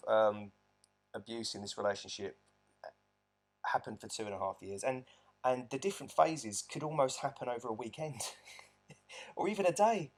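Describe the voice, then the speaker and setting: A man talking earnestly about his own experience in a reflective storytelling monologue, often restarting his sentences. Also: medium pitch. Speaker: abuse survivor vlogger.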